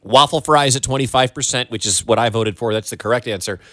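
A man's voice: medium pitch, quick pace, bright, forceful tone, dry recording, studio quality. A man co-hosting a radio show, bantering in a joking, incredulous way. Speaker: radio co-host. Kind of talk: casual radio chat.

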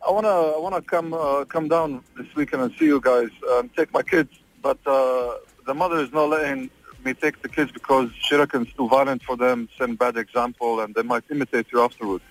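Male phone caller, rushed and halting, heard over the line. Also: medium pitch, low-quality recording. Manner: hurried, hesitant. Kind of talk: phone call to radio.

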